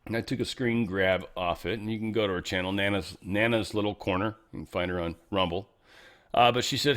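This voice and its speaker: A man's voice: lowish voice, brisk, fairly bright tone. A middle-aged man hosting a casual talk show, rambling and sarcastic, often stumbling and restarting his sentences. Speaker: host. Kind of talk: casual political talk and product pitch.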